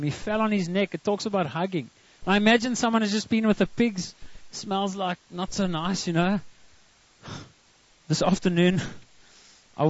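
A man's voice: high-pitched, dry recording. A South African man preaching a sermon as pastor, counting off his points and dropping into homely family stories. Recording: dull lo-fi recording.

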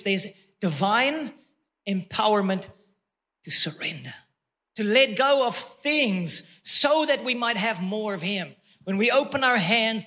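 Man, sermon, emphatic repetition, drawn-out words, high pitch. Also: pushed and bright. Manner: emphatic preaching with repeated phrases and drawn-out words. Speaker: pastor.

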